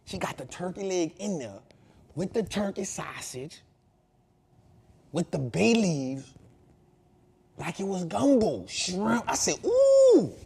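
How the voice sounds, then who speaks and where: A man in his thirties hosting a show, telling a casual story in an animated, slangy way that swings from loud to hushed. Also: high voice, slow, gravelly, long pauses, slight background noise. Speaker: host.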